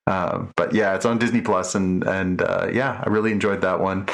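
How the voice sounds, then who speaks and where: A man's voice: sits low, fairly even intonation, moderate pace. Rambling middle-aged male podcast host. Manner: rambling, many restarts and fillers. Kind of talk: casual chat.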